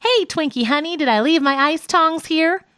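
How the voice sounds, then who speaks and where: A woman's voice: high voice, normal speed, sharp tone, no echo, studio quality, pitched above the performer's own voice. A woman putting on a flirty, brassy gal. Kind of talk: audiobook reading of a radio sketch.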